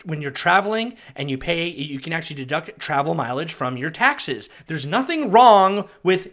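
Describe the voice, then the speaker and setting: Male commentator with a high voice who rants angrily at a news clip. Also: animated, moderate pace, a bit bright. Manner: agitated, ranting, repeats and restarts. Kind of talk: heated commentary.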